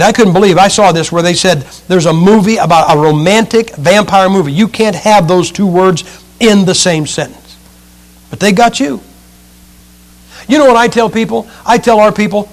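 High-voiced man preaching a sermon. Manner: emphatic, swings between loud and hushed.

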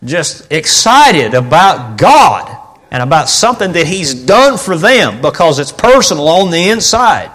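Animated preacher, man. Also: on the high side, measured pace. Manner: storytelling with emphatic, repeated phrases and sudden outbursts. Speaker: pastor. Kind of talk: sermon.

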